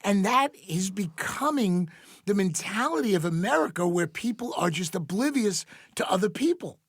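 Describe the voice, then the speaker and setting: A man's voice: high-pitched, animated, normal speed, husky, no echo, clean studio sound. An older man who works as a financial advisor, a guest on a podcast, giving blunt opinions with some swearing in casual chat.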